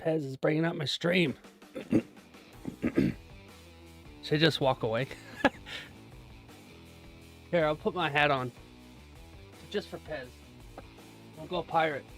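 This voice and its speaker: A man's voice: on the high side, takes it slowly, pauses often, fairly bright tone, faint music behind. A man live-streaming his day trading from a small closet, chatting casually and joking with viewers, laughing often.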